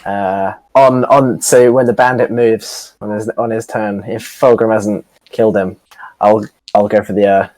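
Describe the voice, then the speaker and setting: A man's voice: lowish voice, fairly even intonation, measured pace, darkish tone, dry recording, rough recording. A man playing a tabletop game, rambling and jokey with many fillers. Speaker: player. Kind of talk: casual tabletop game chat.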